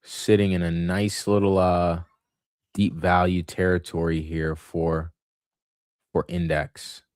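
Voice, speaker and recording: A man with a very low, deep voice talks through a market livestream in a loose, rambling way, full of fillers and restarts. The sound is dry and close, with hardly any room around it. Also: flat delivery, slow pace, darkish tone, dry recording. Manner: rambling, thinks aloud with many fillers and restarts. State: has the hiccups. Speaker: livestream host. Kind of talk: casual market commentary livestream.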